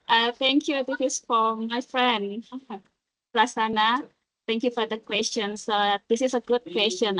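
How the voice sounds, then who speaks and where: A woman's voice: on the high side, no echo, rough recording. Hesitant woman presenter on a call. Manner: hesitant, with frequent uhs and halting phrasing. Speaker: panel presenter and researcher. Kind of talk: answering questions on an online panel. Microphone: video call.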